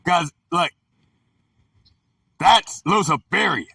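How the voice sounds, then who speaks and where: A man reading dictionary entries on scripture words and explaining them in loud, slangy bursts. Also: sits high, vocal fry, slightly rough, no room sound, recorded from a distance. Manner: reads definitions slowly, then riffs in loud slangy bursts. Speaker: scripture teacher. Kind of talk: bible word-study talk, reading then explaining.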